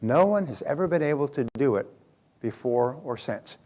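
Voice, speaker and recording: A man's voice: medium pitch, animated, normal speed, a little mellow. A man giving a motivational talk, telling stories and speaking directly to his audience in a conversational way.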